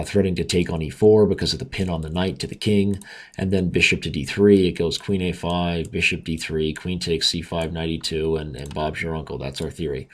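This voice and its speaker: A man with a raspy voice giving chatty, self-mocking commentary on his own chess games as he plays. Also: sits low. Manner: chatty, self-mocking, talks through moves aloud. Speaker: chess streamer. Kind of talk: casual commentary while playing online.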